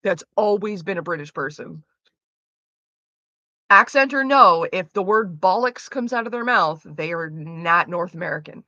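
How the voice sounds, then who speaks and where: A woman's voice: fairly low pitch, expressive, unhurried, pushed and bright, dry recording, dull audio. A woman streamer chatting casually with her viewers, rambling with lots of "like" fillers. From Canada.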